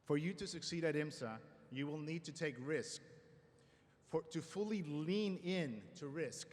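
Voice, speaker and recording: A man giving a formal convocation address at a school ceremony, measured with light self-deprecating humor, speaking at a podium microphone. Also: on the high side. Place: large auditorium. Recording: long hall reverb in a large auditorium.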